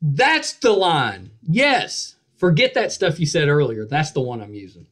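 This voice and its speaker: A middle-aged man hosting a casual podcast interview, chatty and quick to laugh. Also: on the high side, sing-song, a bit bright. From West Virginia. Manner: chatty, laughs often, repeats words. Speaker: podcast host.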